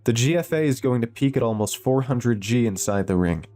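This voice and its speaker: A man voicing a calm, precise female scientist in a spoken horror story. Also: medium pitch, a little fast, voice pushed up, close to an everyday voice.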